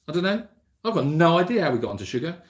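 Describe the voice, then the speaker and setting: A man's voice: on the high side, very animated, rapid-fire, lo-fi sound. A man hosting a casual livestream Q&A, rambling and self-deprecating as he answers viewer comments into his mobile phone. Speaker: animal sanctuary host answering viewer comments.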